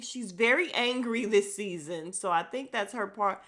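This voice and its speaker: A woman hosting a podcast, giving a sassy, blunt recap of reality show drama with mild profanity and quick mimicry of what people said. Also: mid-range voice, a bit bright. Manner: acts out quoted lines in bursts of mimicry. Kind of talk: casual recap commentary.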